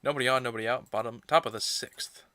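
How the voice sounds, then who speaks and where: Fast and mid-range, recorded dry, this livestream host cheers excitedly at a baseball game while muttering at himself as he sorts through clips.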